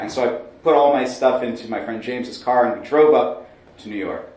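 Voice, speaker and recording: A man in his thirties telling a comic personal story on a small stage, lively with wry asides. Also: medium pitch, a little fast. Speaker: solo storyteller. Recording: very echoey room, mic far off.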